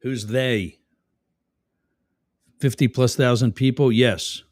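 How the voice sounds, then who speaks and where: A man's voice: medium pitch, steady tone, takes it slowly, no echo, studio quality. A man hosting a live stream, reading chat comments aloud and mocking the commenters sarcastically. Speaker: livestream host.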